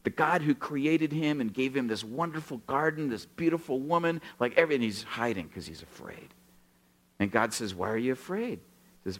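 A man's voice: medium pitch, brisk. A man in his sixties from Oregon preaching a sermon, telling stories with acted-out dialogue and joking with the congregation. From Oregon, USA. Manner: animated storytelling, acts out dialogue, jokes with the congregation. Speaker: pastor.

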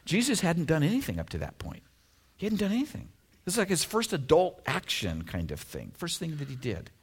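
A man's voice: fairly high pitch, huge pitch swings, a little fast, slightly rough. A middle-aged man from Oregon preaching a sermon in a conversational, storytelling way with self-deprecating humor. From Oregon, USA. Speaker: pastor.

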